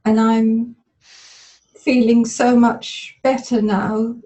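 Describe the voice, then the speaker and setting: A woman with a somewhat high, mellow voice, speaking tearfully and very slowly over a webinar call. She is a volunteer in a therapy demonstration, reliving a memory in the present tense. Her phrasing is halting and stop-start, with frequent pauses. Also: flat delivery, low-quality recording. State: tearful, emotional. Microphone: webinar call audio.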